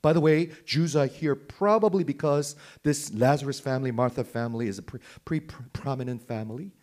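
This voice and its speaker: A man's voice: medium pitch, a little fast, darkish tone. A man preaching a sermon, asking the listeners questions and swinging from emphatic stress down to a near-whisper. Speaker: pastor.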